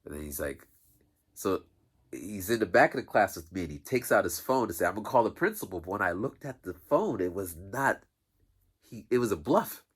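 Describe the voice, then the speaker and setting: A man, a teacher, telling a rambling school story in an animated, casual way. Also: deep voice, moderate pace, breathy edge. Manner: animated, rambling, with many restarts. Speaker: teacher and vlogger.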